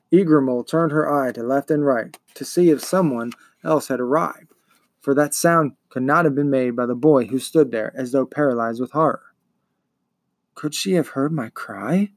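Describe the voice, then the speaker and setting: A man reading a novel aloud in a measured, deliberate storytelling voice. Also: on the high side, darkish tone, no room sound, clean studio sound. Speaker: reader. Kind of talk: audiobook reading.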